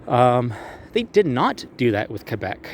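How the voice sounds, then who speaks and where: A young man talks his way through a city walking tour, swearing casually and cracking jokes. He drops into mocking put-on voices whenever he quotes historical figures. His voice sits at a middling pitch, and faint street traffic hums behind him outdoors. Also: sing-song, measured pace. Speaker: tour guide vlogger.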